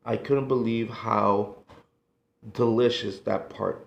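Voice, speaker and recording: Slow, gravelly middle-aged man, echoey room. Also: fairly low pitch, highs cut off. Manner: emotional, halting, sighing, nostalgic. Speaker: food vlogger. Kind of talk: casual reminiscing monologue.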